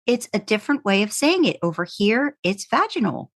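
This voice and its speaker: A woman in casual podcast chat, easygoing and quick to laugh. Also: medium pitch, lively intonation, no echo, studio quality.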